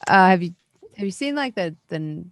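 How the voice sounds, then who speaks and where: A woman's voice: fairly low pitch, lively intonation, moderate pace, no room sound. A woman voicing a nervous young male accountant at a party, hesitant and stammering with many fillers. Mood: eager. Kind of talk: tabletop role-play.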